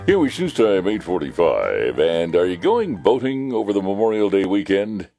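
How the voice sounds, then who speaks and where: A man's voice: sits low, very animated, moderate pace, warm tone, soft background music. A man hosting a radio show, introducing comedy clips and reading a sponsor segment in an upbeat announcer delivery. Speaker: radio morning show host.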